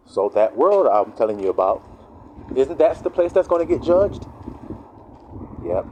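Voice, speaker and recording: Male preacher, casual sermon, lively swooping delivery that jumps into quoted voices. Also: mid-range voice, unhurried, pauses often, lo-fi sound, slight background noise. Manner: animated, acts out quoted voices. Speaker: online preacher.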